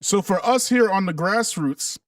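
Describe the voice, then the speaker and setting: A man's voice: sits high, lively intonation, unhurried, no room sound, studio quality, distant mic. A man hosting a casual livestream, talking emphatically and a bit preachily, and calling his viewers "family" and "y'all". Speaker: livestream host.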